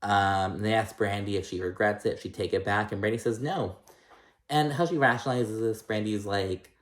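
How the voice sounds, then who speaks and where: Man, lowish voice, chatty gossipy recap, lots of fillers, swears freely, echoey room. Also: fairly quick. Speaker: reality TV recap vlogger. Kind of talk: casual episode recap.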